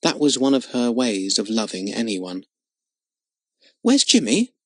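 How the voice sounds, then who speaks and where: A man's voice: fairly low pitch, normal speed, dry recording. Man reading a children's storybook aloud. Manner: expressive, dramatic reading. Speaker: audiobook narrator. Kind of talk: storybook narration.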